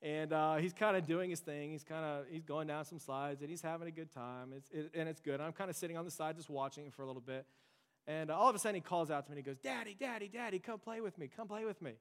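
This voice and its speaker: In a church sanctuary, a young adult pastor preaches fast in a clean, fairly high voice with mostly even intonation. He sounds earnest and conversational, slipping storytelling asides into his message, and the hall gives off a long reverb.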